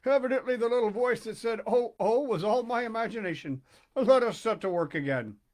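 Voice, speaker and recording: A man's voice: very high-pitched, a little fast, darkish tone, pitched above the performer's own voice. A man voicing a frightened old carpenter who stutters and trembles, in a storybook reading. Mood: forced calm.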